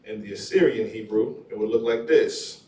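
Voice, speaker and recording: A man's voice: lowish voice, normal speed, mellow. A man teaching a classroom language lesson, repeating words and often checking in with "all right?". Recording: echoey room, far from mic.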